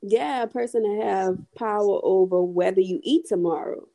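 A woman speaking in a relaxed podcast conversation at a middle pitch. She talks with emphasis, repeats phrases to drive her point home, and draws out some words. Her tone is down to earth and conversational. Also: normal speed, creaky. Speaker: beauty brand owner, guest.

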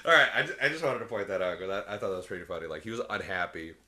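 A man with a very bright, sharp tone and a lively voice that swings up and down. He recaps a movie in loose, profane banter and keeps slipping into the characters' voices. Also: deep voice, racing. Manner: animated, profane, acts out characters' lines. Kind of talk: casual movie recap chat.

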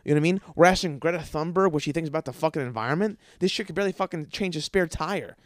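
A man hosting a podcast from his apartment, ranting with constant swearing, stuttering and repeated words, jumping between yelling and mumbling. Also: on the high side, very fast, no room sound, studio quality. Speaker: podcast host. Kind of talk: profane ranting monologue. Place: his apartment, in a dark room. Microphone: studio microphone.

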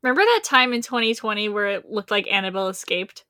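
A woman's voice: mid-range voice, fast talker, sharp tone, no echo, clean studio sound. A woman co-hosting a casual podcast, dramatic and gushing, swearing freely. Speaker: podcast co-host. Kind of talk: casual chat.

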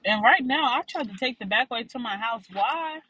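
A woman's voice: fairly high pitch, expressive, moderate pace, bright, forceful tone, slightly rough, rough recording. A young woman telling a frank story to her listeners in a rambling, casual way.

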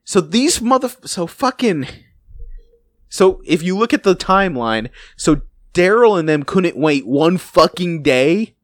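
Man, casual recap chat, lively pitch, a bit high, profane, dry close sound. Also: a little slow, no room sound. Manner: profane, animated, laughs often. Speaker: podcast co-host.

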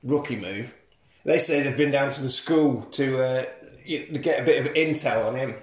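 A man's voice: mid-range voice, normal speed. A man recapping a film plot as a podcast host, jokey and sweary. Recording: echoey room.

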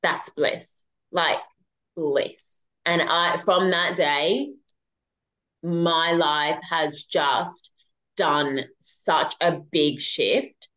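Rich: A woman with a lowish voice talks through a personal story as a podcast guest. Her delivery is casual and animated, full of fillers and the odd swear word. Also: very slow, poor audio.

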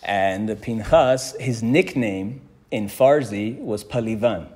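Taking his time in a fairly low, slightly mellow voice, a man from Canada leads a religious class. He keeps it conversational, telling stories, chuckling frequently, and quoting Hebrew verses in a casual lecture.

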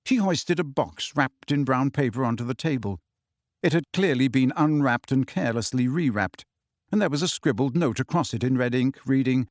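A man reading a novel aloud as an audiobook narrator, in a measured, deliberate manner. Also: medium pitch, lively intonation, no room sound, studio quality. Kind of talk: scripted narration.

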